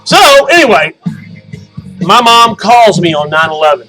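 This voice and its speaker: High-voiced rambling, profane male podcast host. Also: big pitch swings, a little slow, soft background music, rough recording. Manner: rambling, profane storytelling with loud outbursts. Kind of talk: casual monologue podcast.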